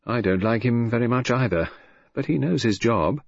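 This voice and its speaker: A man voicing a grave, gentle, dutiful middle-aged husband and son who speaks mildly and a little dreamily. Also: mid-range voice, expressive, moderate pace, gravelly, husky, no room sound. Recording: dull, dry lo-fi recording.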